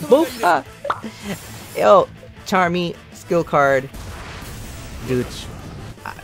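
A young man giving casual, slangy commentary while playing a mobile game, excitable and grumbling at his bad luck. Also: a little high, gravelly.

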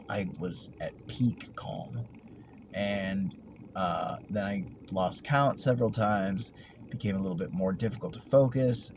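Low-voiced man rambling over background noise. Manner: meandering, reflective, trailing off into soft murmurs. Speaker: vlogger. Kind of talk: rambling personal vlog. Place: at work, vehicle sounds around.

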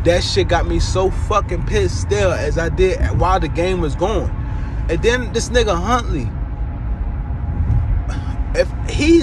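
A man's voice: high voice, noisy background. A man delivering a heated, profane fan rant to his viewers, repeating himself as his anger builds. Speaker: fan vlogger.

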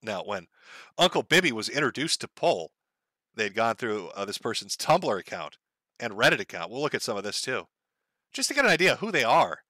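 Lively, bright-voiced sarcastic man. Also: mid-range voice, moderate pace, no room sound. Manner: sarcastic, crude and profane. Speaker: show host. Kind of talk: mocking commentary on online posts.

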